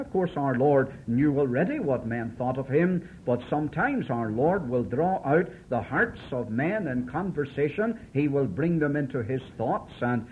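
A man preaching an expository Bible sermon, declaiming and rising in emphasis as he quotes scripture. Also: mid-range voice. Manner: declaiming with emphatic rises when quoting scripture. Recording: tinny lo-fi old tape recording with faint hiss.

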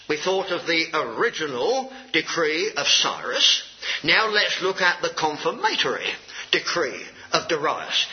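A man from Britain preaches with a lively, swinging voice, rising on key words and sinking low at the end of phrases. His voice sits a little high for a man. The recording is dull and lo-fi. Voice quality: rises to stress key words and drops low at phrase ends, reading scripture aloud. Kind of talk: sermon.

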